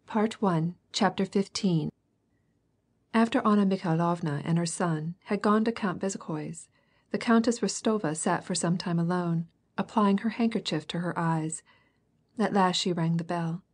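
A woman reading a classic novel as an audiobook narrator, measured and even. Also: lowish voice, slightly rough. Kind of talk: scripted narration.

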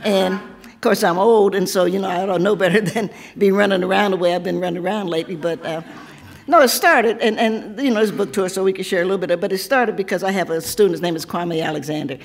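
A seventy-year-old woman from Tennessee, hoarse from losing her voice, reading a poem and then chatting with laughing asides. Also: medium pitch, fast. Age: 70s. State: hoarse, lost voice. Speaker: author. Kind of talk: poetry reading then casual talk.

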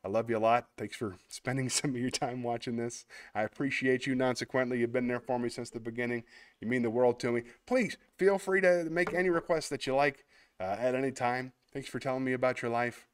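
A man with a smooth, mid-range voice speaks briskly while hosting a casual online show. He chats through a word game, thinking aloud and poking fun at himself, and wraps up with a warm, sincere thank-you to his viewers.

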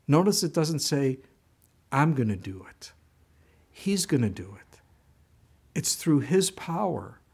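A pastor preaching a sermon, a man telling stories with animated delivery and asking the congregation rhetorical questions. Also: on the high side, husky.

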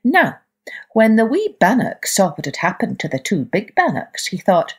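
A woman hosting a children's storytelling podcast, reading a folk tale aloud in a lively, expressive way. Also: mid-range voice, normal speed, faint music behind.

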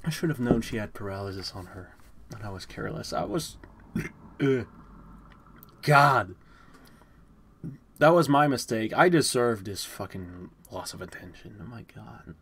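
A young adult streamer giving casual, excitable commentary while gaming, swearing, laughing often and stammering. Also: mid-range voice, measured pace, pauses often, slight background noise.

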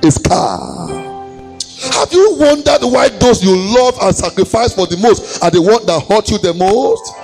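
A man preaching a sermon as pastor, chanting his phrases, swinging from shouts down to low murmurs. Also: sing-song, a little slow, vocal fry, soft background music, low-quality recording.

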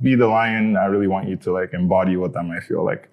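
A man casually directing an AI through character voices, hesitant and relaxed, with many fillers. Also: sits low, very fast, gravelly. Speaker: user directing an AI voice. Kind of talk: casual spoken prompting.

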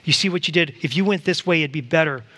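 A man preaching a church sermon, animated and acting out quoted voices to the congregation. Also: fairly high pitch, quick pace. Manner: animated, acts out voices of God and Satan. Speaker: pastor. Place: church sanctuary.

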